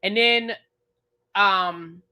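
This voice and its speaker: Her voice is medium-pitched, clear and resonant, and she speaks very slowly. As a TV show reviewer hosting a live review on her channel, she rants animatedly and bluntly, with lots of profanity, aiming her words straight at the show's cast.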